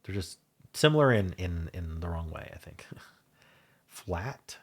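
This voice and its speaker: A man with a deep voice and a touch of husk hosts a casual puzzle stream. He thinks out loud, wandering between guesses and doubting himself. He speaks close to a desk mic in a quiet home room. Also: expressive, slow, breathy edge. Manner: thinks aloud, musing and unsure. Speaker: puzzle video host. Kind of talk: casual solo puzzle commentary.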